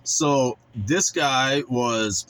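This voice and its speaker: Man in his forties, blunt casual storyteller, mid-pitched voice. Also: extremely slow, fairly bright tone, poor audio. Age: 40s. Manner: blunt, colloquial, acts out quoted voices. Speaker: vlogger.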